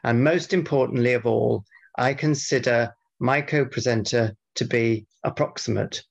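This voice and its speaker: Gravelly deadpan male podcast co-host. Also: medium pitch, normal speed. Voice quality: gravelly, husky. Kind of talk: casual podcast banter with mock-formal readout. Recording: dull lo-fi podcast audio.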